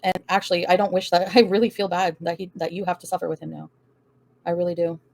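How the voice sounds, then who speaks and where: Reading and replying to viewer comments on her casual livestream, a woman is blunt, profane and defiant, and laughs often. Her lowish voice is level, quick, gravelly and a little mellow, with slight background noise.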